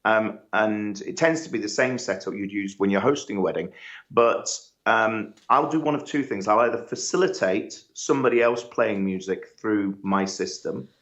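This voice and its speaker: A man's voice: lowish voice, normal speed, fairly bright tone, lo-fi sound. A man who works as a wedding host and DJ, chatting playfully on a live stream. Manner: teasing, playful. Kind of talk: casual live-stream chat.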